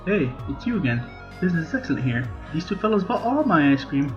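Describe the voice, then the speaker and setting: A man voicing a cheerful male monster ice cream seller from a video game, with quick, upbeat patter. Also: fairly high pitch, very animated, lo-fi sound, soft background music.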